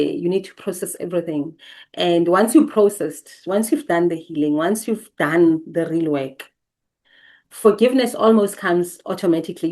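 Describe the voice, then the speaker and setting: A woman host giving a reflective teaching monologue, speaking gently with repeated, emphatic phrases. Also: on the low side. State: briefly emotional.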